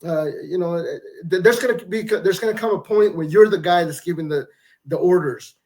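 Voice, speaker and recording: A middle-aged retired Marine man with a fairly high voice, talking as a guest in a casual interview. He is candid and reflective, restarts his sentences often, and swears now and then. He sounds blunt and down to earth. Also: fairly quick, a little mellow. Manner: blunt, with salty language. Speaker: retired Marine master gunnery sergeant, guest.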